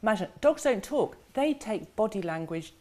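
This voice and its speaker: A woman's voice: mid-range voice, sing-song, mellow. A woman, a dog behaviour expert guest, talking casually in a TV studio and acting out dogs and owners as she explains. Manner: chatty, acts out dogs and owners in quick voices.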